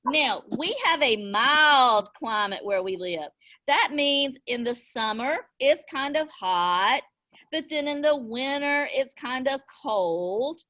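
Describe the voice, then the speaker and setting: A high-pitched woman teaches a class of young children over a video call. She takes her time, drawing words out in an encouraging sing-song. Little gasps of delight punctuate her questions. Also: expressive, slow, pushed and bright.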